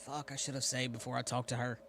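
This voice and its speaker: A man's voice: mid-range voice, little pitch movement, quick pace, a bit bright, slight background noise. A man with a Southern US accent chatting casually and jokingly while streaming a game live. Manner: chatty, joking, talks to his cat and chat.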